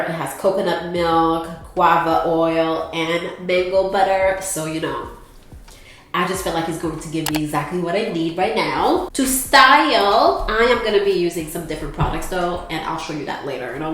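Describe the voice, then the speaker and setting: A young woman with a congested, stuffy voice, chatting playfully with her viewers in a casual hair tutorial. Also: on the low side. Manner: playful, sassy asides to viewers. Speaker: hair vlogger.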